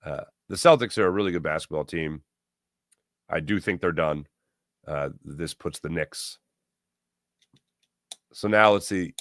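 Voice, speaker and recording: A man hosting a live sports stream, chatting casually, reading viewer comments aloud and doing quick ad reads. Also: sits low, fairly bright tone, no room sound, clean studio sound. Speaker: sports show host.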